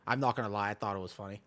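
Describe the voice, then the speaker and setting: A man's voice: lowish voice, a bit bright. A young man chatting casually while streaming a game, answering chat, hopping between topics and laughing often. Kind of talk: casual live-stream commentary while gaming.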